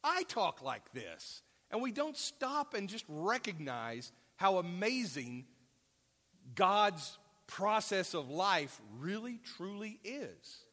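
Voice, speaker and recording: A man's voice: high-pitched, big pitch swings, slow, bright, forceful tone. A man preaching a sermon in a conversational way, asking the congregation questions and adding offhand asides. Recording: long reverb of a large hall.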